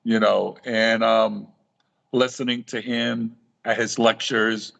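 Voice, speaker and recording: Middle-aged man telling lively stories. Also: fairly low pitch, slow pace, vocal fry, dull audio. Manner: animated storytelling, acting out quoted dialogue with repeated restarts. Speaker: guest, reef aquarium author. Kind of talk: storytelling in a live talk show interview.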